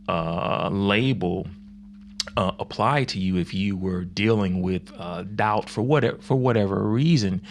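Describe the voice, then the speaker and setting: Gravelly low-voiced man teaching. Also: slight background noise. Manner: conversational, with many fillers and acted-out quotes. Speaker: youth minister teaching on faith. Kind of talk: casual video teaching.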